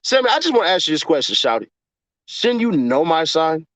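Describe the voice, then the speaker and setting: A young man chatting casually on a livestream and reading his chat aloud, cursing, laughing often, and jumping from mumbling to yelling. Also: on the high side, very animated, brisk, no room sound. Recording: dull lo-fi dry sound.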